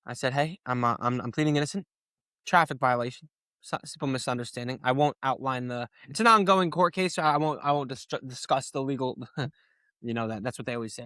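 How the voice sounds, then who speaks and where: A tired young man hosting a casual sports talk show, ranting with lots of swearing and growing animated when annoyed. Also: mid-range voice, fairly quick, dry recording. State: tired late at night. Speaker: sports podcast host.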